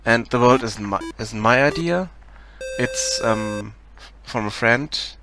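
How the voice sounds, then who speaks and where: A man from Germany with a German accent, casually talking through his game project on a live stream, hesitant, with many pauses and restarts. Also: medium pitch, expressive. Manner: hesitant, many ums and restarts, laughs shyly.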